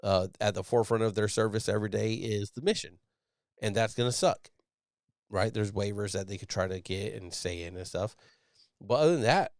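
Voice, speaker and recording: This podcast host, a Navy sailor in his thirties, runs a casual live stream in a lowish, slightly mellow voice that moves a little fast. The studio-quality recording is dry, and he talks bluntly, swearing a lot and restarting his sentences as he rambles.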